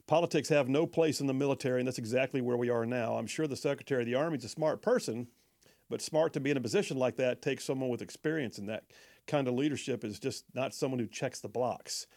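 A man's voice: medium pitch, fast, darkish tone. Male talk radio host, folksy, loose delivery, trips over words. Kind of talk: talk radio reading listener texts.

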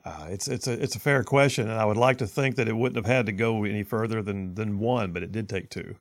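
A man's voice: fairly low pitch, fast, no echo, studio quality. A man hosting a call-in radio talk show, folksy and rambling.

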